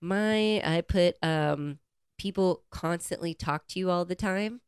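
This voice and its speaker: A woman's voice: on the low side, measured pace, clear, resonant tone, no room sound, clean studio sound. A woman co-hosting a podcast in casual chat, giggling often and playful. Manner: giggly, playful, does silly voices. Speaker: podcast co-host.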